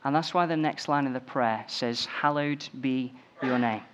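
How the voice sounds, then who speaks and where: A man's voice: mid-range voice, moderate pace, a bit bright. A man preaching a sermon, building emphasis through repeated phrases.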